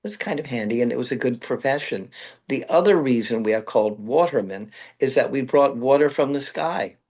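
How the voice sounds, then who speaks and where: Brooklyn guy rambling through stories, mid-pitched voice, laughs at his own jokes. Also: animated, a little fast, darkish tone. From Brooklyn, New York. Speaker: guest. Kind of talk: interview conversation.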